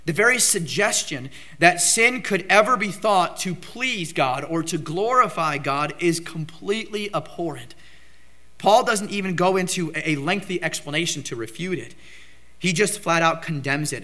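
High, bright-voiced male preacher. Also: normal speed. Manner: emphatic preaching, rising to loud outbursts on key phrases. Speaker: pastor. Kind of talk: sermon.

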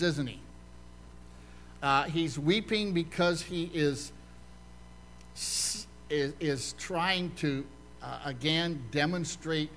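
Older man, pastor, conversational sermon, asks the congregation questions, slightly high voice, faint hum. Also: a bit bright.

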